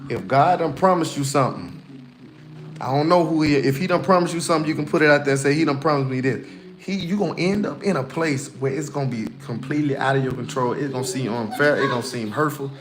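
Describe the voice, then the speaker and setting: A man's voice: on the high side, fast talker, slight background noise. A man giving casual, emphatic spiritual encouragement on a livestream, folksy and repeating himself for emphasis.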